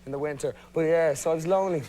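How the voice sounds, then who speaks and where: Man, Dublin Irish accent, talk-show guest, rapid speech, joking storyteller. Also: a little high, crowd noise. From Ireland. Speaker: guest actor. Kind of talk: casual talk-show chat.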